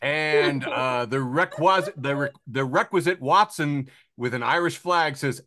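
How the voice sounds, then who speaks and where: A man's voice: fairly high pitch, unhurried, few pauses, bright, forceful tone, no room sound. A man hosting a podcast, casually reading social media posts and memes aloud and chuckling between them. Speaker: podcast host.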